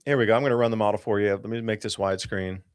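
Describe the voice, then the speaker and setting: A man's voice: on the low side, steady tone, rapid-fire, clear, resonant tone. A man hosting a live podcast, talking the audience through weather charts in an urgent, emphatic, loosely rambling way. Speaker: podcast host. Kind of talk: live-show commentary over weather charts.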